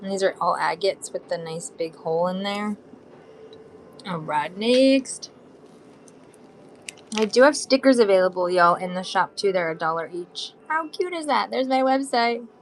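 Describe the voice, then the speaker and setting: A woman's voice: mid-range voice, measured pace, slight background noise. A bubbly, chatty woman from Southern California, in her thirties, hosting a live shopping stream. She talks straight to her viewers in a loose, friendly flow and holds items up as she goes. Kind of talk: casual live-stream selling chat.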